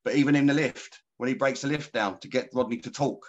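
A man chats on a podcast at a middle pitch, enthusiastically retelling scenes. His voice comes through dull and lo-fi. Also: fairly quick. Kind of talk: casual chat. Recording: dull lo-fi sound.

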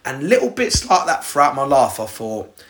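Young English man, podcast host, bright tense tone, loose rambling delivery with frequent swearing. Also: mid-range voice, very animated, moderate pace, slight background noise. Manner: rambling, sweary, direct address to listeners. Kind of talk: casual personal storytelling.

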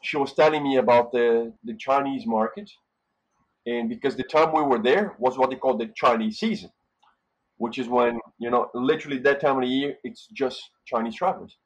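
A man's voice: medium pitch, normal speed, rough recording. Rambling man from Brazil. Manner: rambling, repeats words while thinking. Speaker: hotel manager guest. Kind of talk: casual interview talk.

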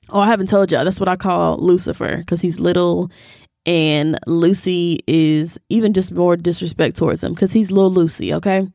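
A woman's voice: on the low side, normal speed, creaky, dry recording, clean studio sound. A young woman teaching the Bible in a conversational, preachy way, using casual slang. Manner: animated and preachy, with Southern "y'all" slang. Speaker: host of a Bible teaching podcast.

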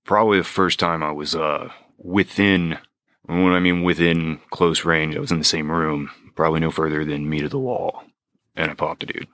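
A man's voice: very deep voice, flat delivery, normal speed, fairly bright tone, no room sound. A man in his thirties, a veteran guest, telling army stories casually with lots of profanity and acted-out quotes. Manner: profane, laid-back, acts out quotes in a raised voice. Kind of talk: casual storytelling in a podcast chat.

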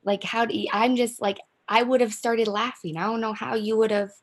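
A woman's voice: fairly high pitch, fairly even intonation, brisk. A woman interviewer in casual chat, reacting to a guest's story with amused disbelief.

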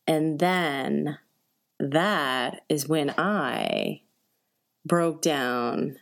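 A woman telling a personal story in a chatty, animated way, acting out voices and reactions, with many fillers. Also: low-pitched, drawn-out words, creaky. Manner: conversational, many fillers like "like" and "right?". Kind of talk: personal anecdote told to an audience.

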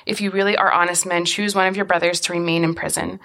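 Lady reading the part of a stern governor guy, harsh and accusing, lowish voice, plain scripture read. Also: fast, gravelly. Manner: plain, even reading of the quoted lines. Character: stern man, Egyptian governor in disguise.

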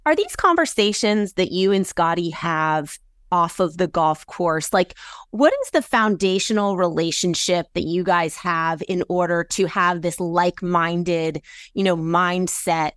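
A woman's voice: on the low side, a little slow, fairly bright tone, no echo, studio quality. A woman co-hosting a podcast, asking long, winding interview questions that speed up.

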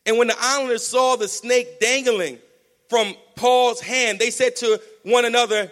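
A man preaching a sermon with energetic call-and-response, urging the congregation to answer back. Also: extremely high pitch, measured pace. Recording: long hall reverb.

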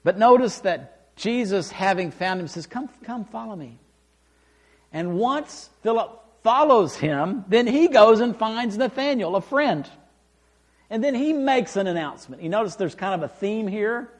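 A man preaching a sermon, reading scripture aloud and explaining it with emphatic, animated delivery. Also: high voice, unhurried. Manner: animated, rising and falling for emphasis, acts out quoted lines.

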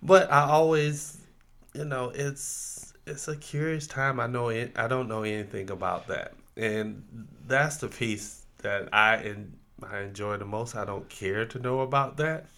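Middle-aged guy, gravelly voice, laid-back and measured. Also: medium pitch. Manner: relaxed, measured, laughs at himself. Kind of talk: casual discussion.

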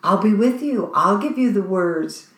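A woman's voice: mid-range voice, animated, measured pace, lightly acted. A woman voicing a patient divine figure who reassures and urges, in a roomy space. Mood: urging. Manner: urging, reassuring. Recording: roomy echo.

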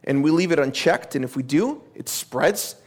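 A young male pastor preaching a sermon in a church, conversational and animated, acting out dialogue. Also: on the high side, normal speed.

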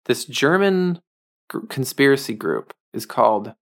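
A man's voice: mid-range voice, expressive, a little slow, creaky, fairly bright tone. A man hosting a solo podcast in a casual, rambling monologue, full of fillers and wry asides. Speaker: podcast host.

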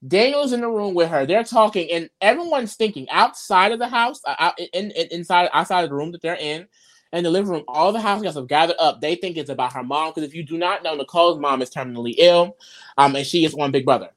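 Animated gossiping woman recapping. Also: lowish voice, fast talker. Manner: animated storytelling, acts out quotes; profane, gossipy. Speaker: podcast co-host. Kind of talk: casual recap chat.

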